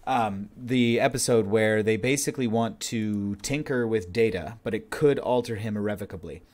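Rambling, low-voiced male streamer. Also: moderate pace, a little mellow. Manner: rambling, swears, laughs easily. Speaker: streamer editing his writing. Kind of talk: casual livestream chat.

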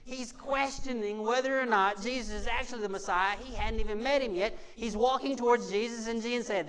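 A male pastor with a high-pitched voice, preaching a sermon in a church. He speaks conversationally, repeats key phrases, and pulls the congregation in with questions and calls of "amen." His delivery is plain and direct. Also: fairly even intonation, fast, few pauses, a bit bright. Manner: conversational, repetitive preaching with call-and-response. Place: church sanctuary before a congregation.

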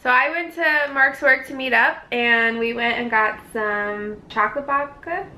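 A woman's voice: fairly high pitch, unhurried, bright, forceful tone. A woman co-hosting a food-tasting vlog, chatting in a playful, giggly way. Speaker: vlog co-host. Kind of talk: casual food-tasting chat.

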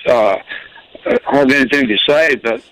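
A man calling in to a radio show, speaking haltingly and plainly. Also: mid-range voice, fairly bright tone, slight background noise, poor audio. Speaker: caller. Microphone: telephone.

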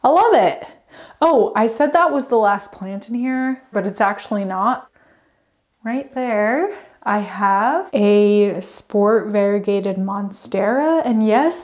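A woman's voice: medium pitch, darkish tone. A young woman vlogging a casual walkthrough of her plant collection at home, chatty and gushing, wandering off on tangents. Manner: chatty, rambling, goes off on tangents; bubbly, gushing.

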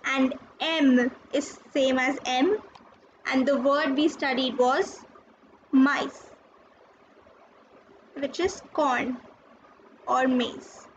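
A high-pitched woman gives a recorded French lesson at an unhurried pace. She is patient, spelling out letters and repeating each word. The sound is dull and lo-fi, with a faint hiss behind her. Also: steady tone. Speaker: French teacher.

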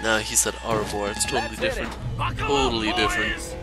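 A man giving rambling, joking commentary over his own gameplay, recorded at home afterward, with sudden squeaky impressions. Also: fairly even intonation, quick pace. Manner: goofy, rambling, bursts into high squeaky impressions. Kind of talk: casual let's play commentary. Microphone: home microphone, recorded after the gameplay. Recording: game music playing underneath.

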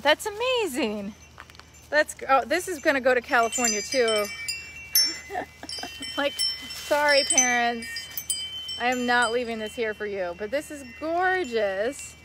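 A young woman vlogger gushing excitedly as she unboxes a gift haul at home, talking to her viewers and the giver. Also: high-pitched, slow pace, background noise. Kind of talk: casual vlog unboxing. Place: home, later outdoors by a tree.

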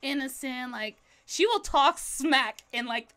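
Woman, slightly high pitch, chatty, rambling, laughing often, casual livestream talk. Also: unhurried, bright, forceful tone. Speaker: livestreaming artist. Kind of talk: casual chat while drawing.

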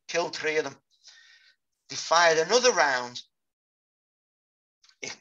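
Sober man recounting combat, bright-toned. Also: fairly high pitch. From Britain. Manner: sober, halting recollection. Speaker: guest, war veteran. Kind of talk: interview storytelling. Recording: dull lo-fi podcast audio.

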